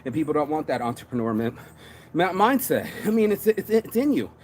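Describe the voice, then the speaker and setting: An entrepreneur and shirt designer talks in a slightly high, sing-song, brisk voice with a bit of mellowness, over a faint hiss or hum. He delivers a casual motivational monologue about business, hyping himself up in slangy street talk, swearing often and saying "bro" a lot.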